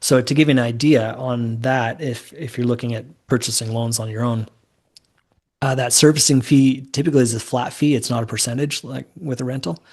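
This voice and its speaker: A man's voice: medium pitch, fairly even intonation, fairly quick, darkish tone. Easygoing man explaining investing. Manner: easygoing, rambling explanations with fillers. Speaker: guest, mortgage note investor. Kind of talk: conversational podcast interview.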